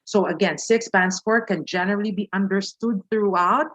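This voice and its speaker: A woman's voice: mid-range voice, moderate pace, fairly bright tone, lo-fi sound. A woman from the Philippines with a Filipino accent, teaching a live online speaking lesson and pressing each point with a questioning "okay?".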